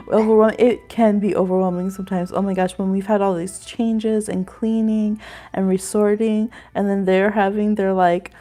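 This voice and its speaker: A woman's voice: medium pitch, fairly even intonation, moderate pace, dark tone. A woman hosting a live astrology reading stream, chatting casually and rambling with frequent laughter.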